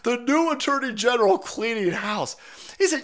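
A man on a livestream rants with an angry, crude edge, and his pitch jumps all over the place. He goes from mocking asides to outbursts, with his voice rising and falling sharply. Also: lively intonation, moderate pace, a bit bright. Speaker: livestream host. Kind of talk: profane political rant.

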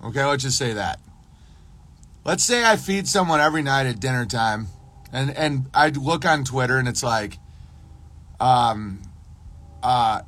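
A man's voice: medium pitch, expressive, moderate pace, pauses often, a bit bright. A man hosting a casual livestream, talking in a rambling monologue full of restarts and acted-out dialogue. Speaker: podcast host.

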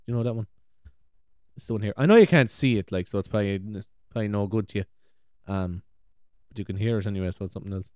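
An Irish podcast host with a slightly mellow, smooth voice on the low side talks fast and pauses often. His casual chat rambles, he swears freely, and he laughs easily, all on a dry, clean studio recording.

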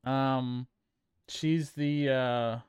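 Rambling casual man, smooth dry voice. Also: mid-range voice, steady tone, very slow, darkish tone, no room sound. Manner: rambling, many fillers and restarts. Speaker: podcast co-host. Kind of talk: casual film review chat.

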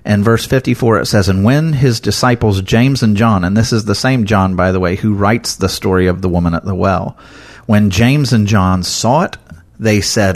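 A man giving an earnest, conversational sermon, animated and full of casual fillers as he talks through scripture. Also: fairly low pitch. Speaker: preacher.

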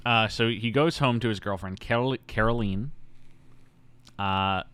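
A man co-hosting a casual podcast, recapping a film in an animated, storytelling way with frequent laughter. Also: lowish voice, unhurried, clear, resonant tone. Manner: animated storytelling, acts out quoted lines with silly voices; laughs often. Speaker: podcast co-host. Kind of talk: casual chat.

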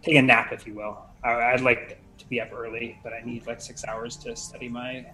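A man's voice: medium pitch, flat delivery, a little fast, pushed and bright, faint music behind, low-quality recording. A man chatting casually as a tabletop game player, rambling and breaking off his own sentences. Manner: chatty, rambling, self-interrupting.

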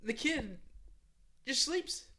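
A man's voice: very high-pitched, lively intonation, extremely slow, background noise. A young man co-hosting a casual podcast, rambling and laughing often as he retells stories about friends. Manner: rambling, laughs a lot, mimics friends in quotes. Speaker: podcast co-host. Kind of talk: casual chat.

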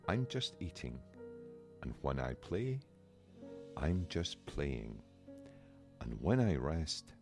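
A Scottish man reading the part of a calm, wise male panda, speaking gently and slowly. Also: very deep voice, exaggerated voice. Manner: gentle, slow and soothing.

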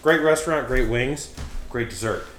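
A man from Pennsylvania hosting a casual podcast, rambling and swearing freely as he talks excitably with a friend. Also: medium pitch, normal speed, a little hiss or hum. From Pennsylvania, USA. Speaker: podcast host.

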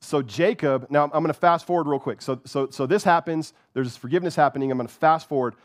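A man's voice: on the high side, fast, dry recording, clean studio sound. A man preaching a sermon with fervor, repeating words and often checking in with "right?". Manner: fervent, repeats words, keeps asking "right?".

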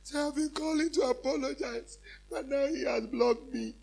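A preacher voicing a heartbroken young woman who pleads softly and tearfully for help. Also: extremely high pitch, moderate pace, creaky, pitched above the performer's own voice. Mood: tearful pleading.

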